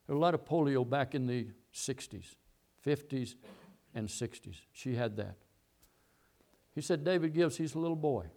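A man's voice: mid-range voice, expressive, moderate pace, dark tone. A middle-aged man preaching a sermon, telling a long story and repeating key phrases as he goes. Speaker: pastor.

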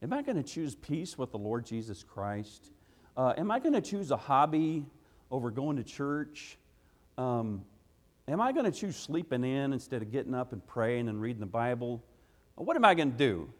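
The long reverb of a church hall wraps around a man preaching an evening sermon in a mid-range, very animated voice at normal speed. Folksy and emphatic, he fires rhetorical questions, drops into "gotta" and "ain't," and keeps landing his points with "hey."

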